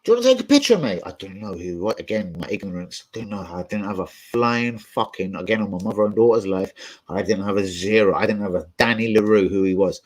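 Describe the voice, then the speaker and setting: A man's voice: low voice, steady tone, a little fast, poor audio. A man chatting live on his stream, telling rambling, profane stories full of slang.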